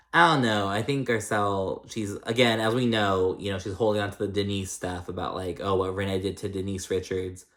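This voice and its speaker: A young man casually recapping a reality show, chatty and rambling, swearing freely and acting out what others said. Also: fairly low pitch. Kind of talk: casual chat.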